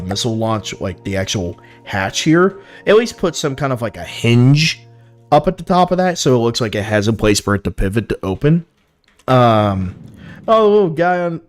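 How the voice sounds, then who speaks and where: A young man talks through viewers' creations on a live stream, cursing freely and amused by what he sees. His pitch swings widely while his pace stays slow and unhurried. Faint music plays underneath. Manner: profane, frank, easily amused. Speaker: streamer reviewing viewer builds. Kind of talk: casual live-stream commentary.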